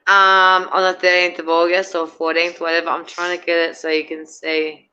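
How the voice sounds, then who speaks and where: A woman's voice: fairly low pitch, level tone, moderate pace, pushed and bright, clear, resonant tone, muffled recording. A middle-aged woman, a guest in a casual chat, rambling and hesitant with many fillers and restarts.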